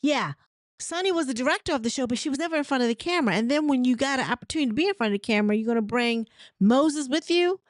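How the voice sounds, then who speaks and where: A woman's voice: high-pitched, expressive, fast talker, no room sound, clean studio sound. A woman hosting a casual recap show, retelling the dialogue in a chatty, storytelling way with candid, opinionated asides. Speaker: host of a reality TV recap show.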